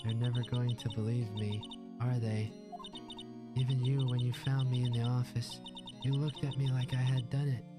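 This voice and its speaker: A man's voice: medium pitch, level tone, moderate pace, close to an everyday voice. A man doing a timid, stammering young woman. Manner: stammering and hesitant. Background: game music.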